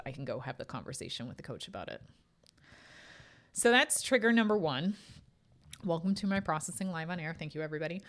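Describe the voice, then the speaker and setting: A woman in her thirties talks through a personal story on her own podcast. Her voice sits low, and she speaks in a loose, candid way, full of fillers and the odd curse. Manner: candid, chatty storytelling with frequent swearing and fillers. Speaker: podcast host and medium. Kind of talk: casual spoken podcast monologue.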